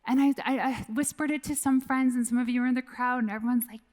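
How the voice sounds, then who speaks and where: Candid, slightly high-voiced woman speaker. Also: steady tone, fast talker, a little mellow. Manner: candid and casual, swears freely. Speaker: keynote speaker. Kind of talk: personal storytelling keynote. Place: conference stage.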